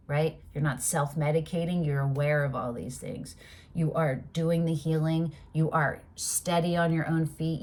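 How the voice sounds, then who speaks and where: A woman giving a casual tarot reading, talking emphatically and animatedly, with swearing and loud outbursts. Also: deep voice. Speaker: tarot reader.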